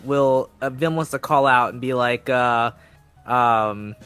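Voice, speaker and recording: A man playing in a tabletop game, asking hesitant questions full of pauses. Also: mid-range voice, steady tone, a bit bright, clear, resonant tone, faint music behind. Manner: hesitant, filler-heavy questions. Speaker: player. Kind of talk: casual tabletop play.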